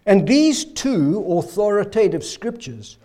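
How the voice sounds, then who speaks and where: A man preaching a sermon with rhetorical questions, hoarse, his voice failing and breaking into coughs. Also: sits high, big pitch swings, slow pace, warm tone. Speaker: pastor.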